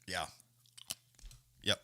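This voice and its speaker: A man's voice: very slow, no echo, clean studio sound. A man hosting a live stream, rambling casually with lots of swearing. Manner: rambling, profane, animated. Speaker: livestream host.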